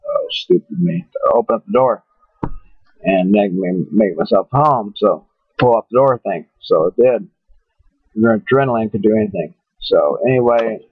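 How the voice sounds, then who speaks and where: Man, middle pitch, rambling casual vlogger, restarts a lot, swears easily, tinny and dry webcam audio. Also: no echo. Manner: halting, repeats himself, cusses casually. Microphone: webcam microphone.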